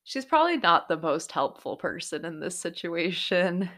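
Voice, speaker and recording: A woman's voice: on the low side, sing-song, moderate pace, a bit bright. Chatty, cursing woman recapping a show. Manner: chatty and profane, exclaiming in bursts. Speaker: TV recap host. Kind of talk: casual TV episode recap.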